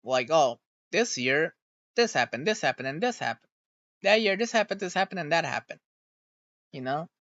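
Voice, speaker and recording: A VTuber streamer chatting casually in a rambling way, swearing freely and getting irritated quickly. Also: mid-range voice, lively intonation, a bit bright, no echo. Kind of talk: casual stream reaction chat. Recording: dull, dry home recording.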